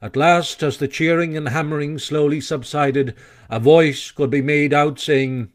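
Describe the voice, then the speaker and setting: A man reading a classic children's story aloud with expressive, animated narration. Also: on the high side, a little slow. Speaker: audiobook narrator.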